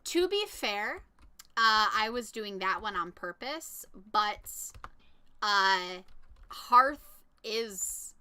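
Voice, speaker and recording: Woman game streamer, bright voice, chatty, excitable, casual commentary. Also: medium pitch, very slow, clean tone.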